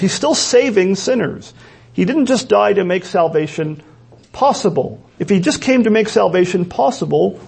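A man's voice: sits high, creaky, darkish tone, breathy edge. A man preaching a sermon in an earnest, emphatic way, often repeating key words for stress. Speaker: pastor.

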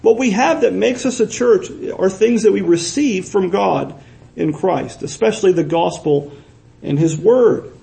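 A man's voice: high voice, unhurried, gravelly, warm tone, rough recording. A man preaching a sermon as pastor, earnest, repeating words for emphasis and asking his listeners questions.

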